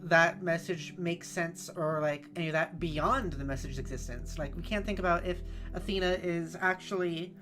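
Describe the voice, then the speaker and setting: A woman's voice: fairly low pitch, moderate pace, a bit bright. A woman streaming a puzzle game, thinking aloud in casual chat full of "like". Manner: thinks aloud, lots of filler "like". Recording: faint game music behind.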